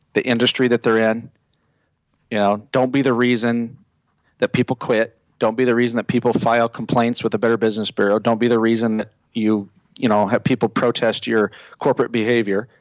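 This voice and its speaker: A man who works as a branding consultant, explaining his ideas with confidence in a relaxed podcast chat, walking through points one by one. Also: medium pitch, fairly quick, dry recording, lo-fi sound. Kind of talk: casual podcast conversation.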